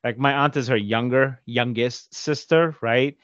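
A man co-hosting a podcast, telling stories in profane, animated casual chat and slipping into quick impressions. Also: mid-range voice, no room sound, lo-fi sound. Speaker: podcast co-host.

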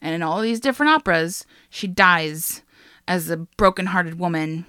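Woman, casual podcast co-host, gushing, bright voice, lowish pitch, dry close sound. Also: normal speed, smooth, no room sound. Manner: gushing, excitable, swears casually.

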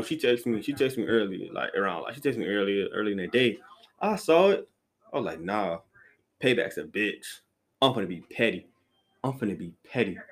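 A man hosting a podcast, ranting casually about what he hates, rambling and repeating himself with blunt, profane slang. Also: mid-range voice. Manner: restarts sentences often, with lots of "like" fillers. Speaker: podcast host. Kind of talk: casual solo rant.

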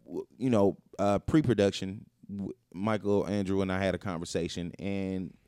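A man's voice: sits low, steady tone, normal speed, warm tone, clear, resonant tone, dry recording, studio quality. A man co-hosting a casual podcast chat, earnest and reflective, speeding up when he quotes other people. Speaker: podcast co-host.

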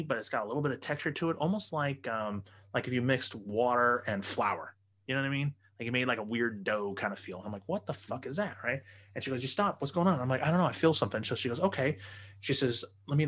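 A man's voice: mid-range voice, fairly bright tone. A man telling a raunchy personal story in a casual podcast chat, profane and loose, laughing as he goes.

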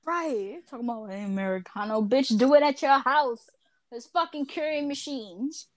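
A woman co-hosting a casual podcast chat, telling profane, animated stories full of acted-out quotes. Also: high-pitched, normal speed, no echo. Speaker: podcast co-host.

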